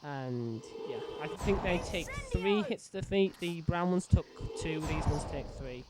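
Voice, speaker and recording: A man with a slightly raised voice talks casually over a game he is playing. He rambles, circling back with fillers and "so yeah". Clear background noise hums behind his home recording. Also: fairly high pitch, unhurried. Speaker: let's play host. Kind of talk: casual gameplay commentary.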